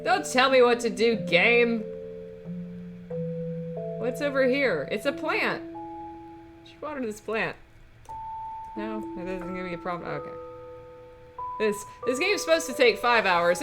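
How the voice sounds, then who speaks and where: A woman's voice: medium pitch, lively intonation, normal speed, long pauses. A woman casually commenting on a video game as she plays, chatty and giggly, talking to her viewers, with game music behind. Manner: giggly, chatty, reads the chat aloud. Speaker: let's play streamer. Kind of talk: casual let's play commentary.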